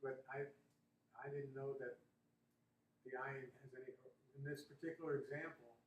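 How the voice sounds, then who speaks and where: A man's voice: mid-range voice, fairly even intonation, moderate pace, a little hiss or hum. Hesitant man off-mic in an echoey room. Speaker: class participant.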